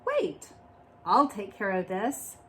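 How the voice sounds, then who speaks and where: A woman voicing a bold, boastful boy chick in a storybook, talking in a calm, coaxing way. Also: medium pitch, slow pace, a little hiss or hum, exaggerated voice.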